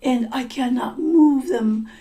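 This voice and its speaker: A woman's voice: high-pitched, takes it slowly, mellow. A woman voicing a remorseful young girl who earnestly apologizes to her mother while telling a story to language learners. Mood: pleading.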